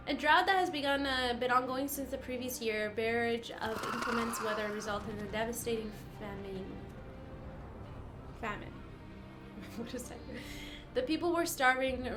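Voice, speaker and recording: A woman streaming a game live, chatting, reacting, and reading the on-screen text aloud. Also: fairly high pitch. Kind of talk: live gameplay commentary. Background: game music and sound.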